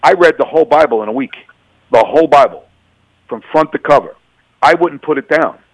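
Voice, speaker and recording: A middle-aged former police officer gives personal testimony in an interview, energetically acting out dialogue he remembers. His voice is a little high and fairly quick, and the recording is low quality but has no echo.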